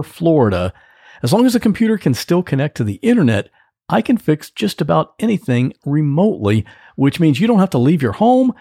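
Chatty man with a gravelly, lively voice. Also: fairly high pitch, no echo, studio quality. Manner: chatty, folksy, plain-spoken. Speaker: podcast host, computer repair tech. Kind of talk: solo podcast monologue. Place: home office.

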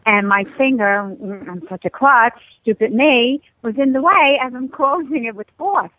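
A middle-aged woman calling in by phone, telling stories about herself in an animated, self-mocking way. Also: on the high side, moderate pace, dry recording. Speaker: guest caller, host's mother. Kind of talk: phone-in chat. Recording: tinny, dry phone line.

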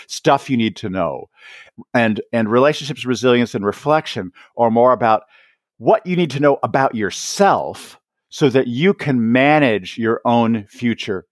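A man speaks in a lively, swooping voice, his pitch climbing and dipping as he explains ideas to an interviewer. The sound is dry and close, with no room around it. He talks in an easy conversational way and keeps checking in with little tag questions. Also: no room sound. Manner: animated, acts out quoted voices, frequent "right?" tags. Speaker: author and education guest.

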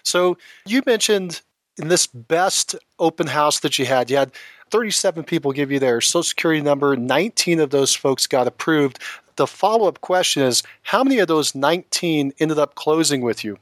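A man's voice: a little high, animated, moderate pace, no room sound. A man hosting an interview, encouraging his guest and asking follow-up questions. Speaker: interview host.

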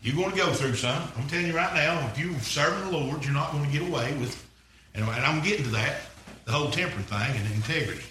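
A man's voice: a little high, quick pace, pushed and bright, reverberant, a little hiss or hum, rough recording. A man preaching a rambling, folksy story-sermon, repeating himself as he goes.

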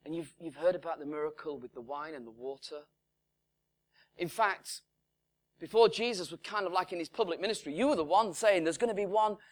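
A middle-aged man preaching a sermon in a conversational way, acting out little dialogues and dropping to hushed tones. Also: fairly high pitch, brisk. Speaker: pastor.

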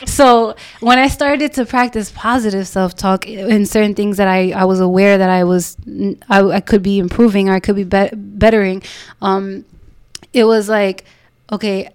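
A woman's voice: mid-range voice, steady tone, moderate pace, smooth, no room sound, studio quality. A woman chatting on a podcast, talking earnestly and with feeling, laughing often and repeating words as she goes. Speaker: podcast guest, self-love brand founder. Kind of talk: casual heartfelt podcast chat.

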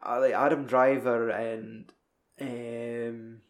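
A young man tells a film's story in a loose, sweary ramble. His voice sits at an ordinary middle pitch and rings around an echoey room. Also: little pitch movement, slow pace. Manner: rambling, sweary film recap. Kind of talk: casual chat.

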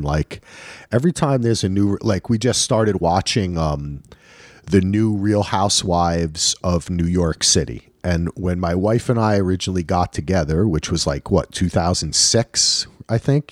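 A low-pitched man co-hosting a podcast in relaxed, lively chat. He acts out quick back-and-forth exchanges as he talks. The recording is dry, with no room sound. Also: no room sound. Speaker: podcast co-host. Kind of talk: casual chat.

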